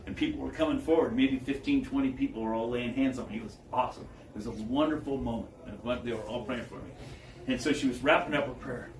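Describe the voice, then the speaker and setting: A man giving a public talk, telling stories in an animated way and chuckling as he goes. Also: mid-range voice, fast talker. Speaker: guest speaker. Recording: echoey room, distant mic, faint background noise.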